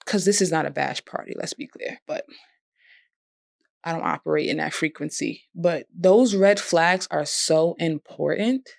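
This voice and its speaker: In a deep, unhurried, gravelly and slightly mellow voice, a young vlogger talks warmly and conversationally about forgiveness and healing, breaking into laughter at times. The audio is clean studio sound with no echo.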